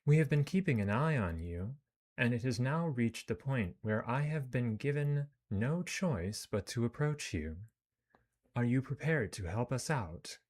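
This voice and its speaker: A man's voice: medium pitch, animated, measured pace, darkish tone, voice pushed up. A man doing a lyrical, earnest mystic stranger. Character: mysterious soft-spoken male psychic wanderer.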